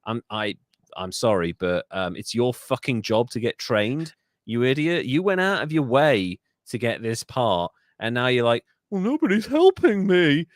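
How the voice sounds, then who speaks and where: Animated man hosting a history podcast. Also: mid-range voice, measured pace, dry recording, clean studio sound. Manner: animated, swears freely, drops into mock voices and impressions. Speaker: podcast co-host. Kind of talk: casual comedic history podcast chat.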